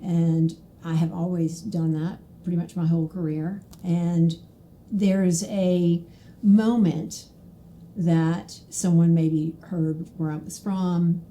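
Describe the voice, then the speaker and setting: A woman from Mississippi, hosting a casual podcast interview and telling stories in an animated way, laughing often. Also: fairly low pitch, slow pace, slight background noise. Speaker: podcast host.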